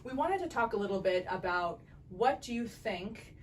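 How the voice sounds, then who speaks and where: A woman's voice: medium pitch, lively intonation, far from the mic, a little hiss or hum, rough recording. A woman eye doctor hosting a casual podcast interview, talking in a chatty, rambling way and laughing easily. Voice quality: chatty, digressive, quick to laugh.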